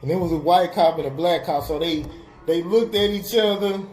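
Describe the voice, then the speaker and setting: A young man, speaking a touch higher than most men, rambles through a story with constant fillers and acted-out quotes. The room sounds echoey, and faint music plays behind him. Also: normal speed, darkish tone. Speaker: web radio host. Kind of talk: casual storytelling.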